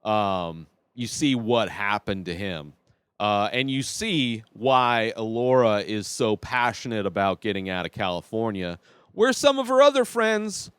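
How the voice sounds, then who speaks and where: A man's voice: medium pitch, clear, resonant tone, no echo. A man hosting a podcast, chatting casually and giving his opinions as he reviews a TV series. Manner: chatty and opinionated, thinking aloud.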